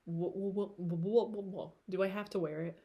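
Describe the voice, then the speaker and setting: A woman's voice: lowish voice, steady tone, brisk, gravelly, warm tone. A woman with a tired throat giving a casual tarot reading to camera, chatty and rambling with frequent laughter. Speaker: tarot reader.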